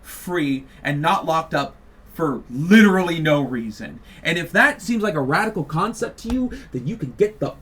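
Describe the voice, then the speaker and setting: A man's voice: a little high, lively intonation, moderate pace, fairly bright tone, far from the mic. A man hosting a podcast, launching into a heated, profane, mocking political rant. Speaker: podcast host.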